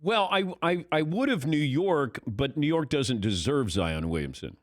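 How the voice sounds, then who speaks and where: A middle-aged man hosting sports talk radio, telling stories with lively energy and acting out his own past thoughts. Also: a little high, measured pace, no room sound, clean studio sound.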